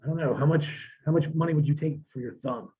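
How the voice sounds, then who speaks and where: Over a tinny, phone-like line, a former wrestler guesting on a casual interview shares road stories from his wrestling days. He talks fast in a slightly high voice, staying laid-back and profane and laughing as he goes.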